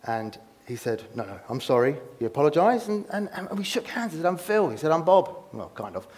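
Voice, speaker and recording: A man's voice: a little high, very animated, brisk, a little mellow. A man giving an informal sermon to a room of listeners, chatty and self-deprecating, often laughing at himself. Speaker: preacher. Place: room with an audience.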